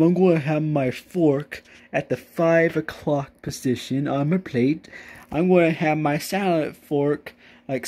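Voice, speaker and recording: A young man putting on the voice of a snooty, pompous fancy gentleman. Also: on the high side, close to an everyday voice. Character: snooty posh man of fancy cultured folk.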